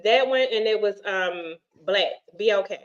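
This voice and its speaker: A middle-aged woman hosting a casual chat, telling a story in an animated, profane way and acting out the dialogue. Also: mid-range voice, measured pace. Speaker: host. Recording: dull lo-fi stream audio.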